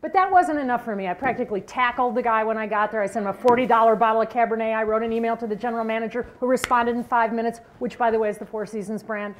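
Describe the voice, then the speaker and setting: A middle-aged woman giving a keynote talk, telling a story in an animated way and asking the audience questions. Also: on the high side, very fast, hardly any pauses. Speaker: keynote speaker.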